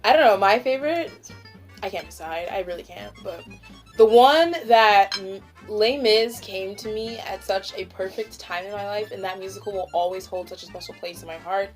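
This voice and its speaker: A young woman hosting a casual chat, rambling and giggly with lots of "like". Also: medium pitch. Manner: giggly, rambling, heavy use of "like". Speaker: channel host. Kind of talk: casual stoned mukbang chat.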